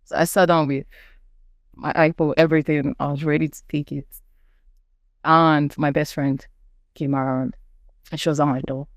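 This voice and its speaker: A young Nigerian woman with a low, fairly flat voice speaks at normal speed with long pauses as a podcast guest. She shares earnest personal testimony in conversation, acting out the people she quotes. The sound is dry and close, with no echo.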